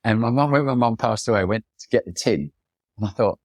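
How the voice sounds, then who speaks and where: Deep-voiced man telling stories. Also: expressive, quick pace, no room sound, clean studio sound. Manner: rambling anecdotal, mimics people in quotes. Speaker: photographer, podcast guest. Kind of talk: reflective storytelling in conversation.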